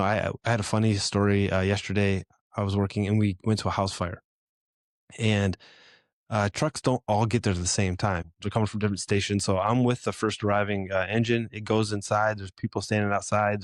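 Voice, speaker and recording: Earnest low-voiced man, dry close sound. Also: dry recording. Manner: earnest, encouraging, direct. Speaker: podcast host. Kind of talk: motivational talk to fathers.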